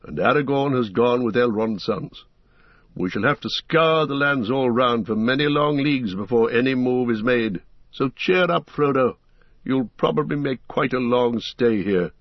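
A man voicing an ancient male wizard, speaking in a grave, measured and authoritative way. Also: medium pitch, animated, no room sound, highs cut off, natural voice.

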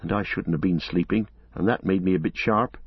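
A loyal, stout-hearted servant talks in a homely, plain-spoken way, as a man plays him. The voice sits low and a little husky, and the read is close and dry with a slightly muffled top. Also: brisk, dry recording, exaggerated voice. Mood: apologetic. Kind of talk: audiobook character voice.

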